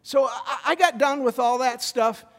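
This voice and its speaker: A man preaching a sermon as a visiting pastor, animated, with stammered restarts as he tells a story. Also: extremely high pitch, unhurried, big-room sound.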